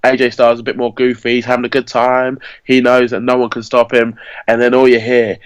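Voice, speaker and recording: A man's voice: mid-range voice, monotone, a little fast, clear, resonant tone, no echo, rough recording. A man, hosting a podcast and chatting casually as he rambles through a story and corrects himself along the way. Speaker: podcast host. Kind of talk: casual fantasy-booking chat.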